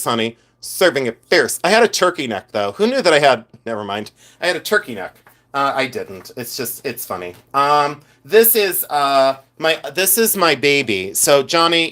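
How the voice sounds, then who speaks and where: A man talks in a loose, chatty vlog manner, campy and full of animated asides. His voice sits slightly above the usual male pitch. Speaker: vlogger. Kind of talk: casual chat.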